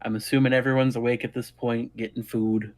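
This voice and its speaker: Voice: mid-range voice, flat delivery, brisk, a little mellow, a little hiss or hum. A player in a tabletop game, speaking casually and sometimes in character.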